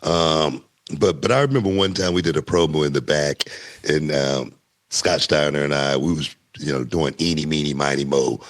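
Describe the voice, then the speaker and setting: A middle-aged man, a former wrestler telling stories as a guest in a casual interview, animated and often laughing. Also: moderate pace. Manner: animated, laughing storyteller with wide pitch swings.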